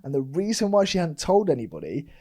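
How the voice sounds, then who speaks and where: A man's voice: a little high, wildly swooping pitch, quick pace, mellow. A man co-hosting a podcast, telling a story in a chatty way and laughing often. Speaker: podcast co-host. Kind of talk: casual chat.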